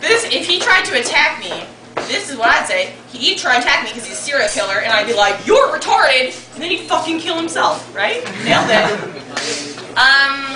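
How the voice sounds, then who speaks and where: A woman doing stand-up with blunt, dark jokes. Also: high-pitched, very animated, a little fast. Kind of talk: stand-up set. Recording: echoey room from far off, loud noise.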